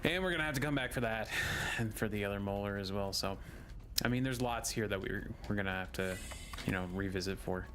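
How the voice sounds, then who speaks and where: A man's voice: on the low side, fairly quick, fairly bright tone. A young man giving casual gameplay commentary, joking and laughing at himself as he plays. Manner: joking, giggly, self-mocking. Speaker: gaming streamer. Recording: music playing under the voice.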